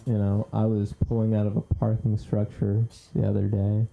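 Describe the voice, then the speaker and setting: A man's voice: lowish voice, monotone, moderate pace, vocal fry, phone-quality sound, background noise. A man doing stand-up storytelling at an open mic, brash and loose with plenty of swearing. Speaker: stand-up comic. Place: small comedy club stage.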